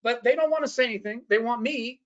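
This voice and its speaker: A man's voice: very high-pitched, fast talker, lo-fi sound. Man telling a story in a workshop talk. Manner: storytelling, frequent "uh, uh" and tag questions "right?". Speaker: workshop speaker. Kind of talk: anecdotal presentation to an audience.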